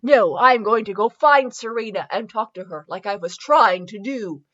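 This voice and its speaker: A woman reading as a calm, determined young man. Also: medium pitch, moderate pace, highs cut off. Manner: read aloud from fanfiction, calm.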